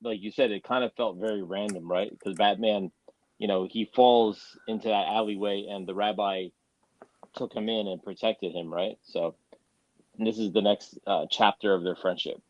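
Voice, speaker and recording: A man co-hosting a comic book podcast, easygoing and quick to laugh, heard through a dull lo-fi mic. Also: fairly low pitch, fairly even intonation, no echo. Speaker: podcast co-host. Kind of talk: casual comic book discussion.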